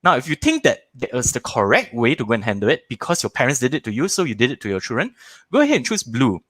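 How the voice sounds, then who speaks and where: Lively, playful man hosting a workshop. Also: medium pitch, quick pace, dry recording. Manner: animated and playful, jokes with the audience. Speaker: parenting workshop host. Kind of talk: live online workshop running audience polls.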